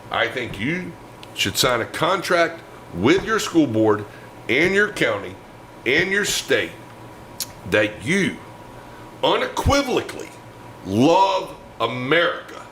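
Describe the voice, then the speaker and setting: Angry male talk-show co-host, lively animated rant, bright and forceful tone. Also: medium pitch, slight background noise, low-quality recording. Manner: emphatic, ranting delivery. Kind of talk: opinionated political talk.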